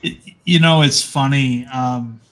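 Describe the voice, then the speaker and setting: A man's voice: mid-range voice, fairly even intonation, slow pace. A man chatting casually as co-host, rambling with frequent restarts and fillers. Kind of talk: casual chat.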